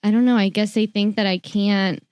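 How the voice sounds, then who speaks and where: A woman's voice: mid-range voice, normal speed, clear, resonant tone, no room sound. A young woman co-hosting a podcast, telling stories in casual chat with lots of fillers and restarts. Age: young adult. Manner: chatty storyteller, animated, lots of fillers and restarts. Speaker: podcast co-host.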